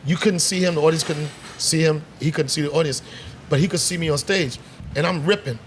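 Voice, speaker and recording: A man's voice: fairly high pitch, fairly quick, a little hiss or hum. A middle-aged man, a comedian, telling stories in a casual bar chat, acting out voices and swearing freely. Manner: animated storyteller, acts out voices, swears freely. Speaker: comedian guest. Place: bar set.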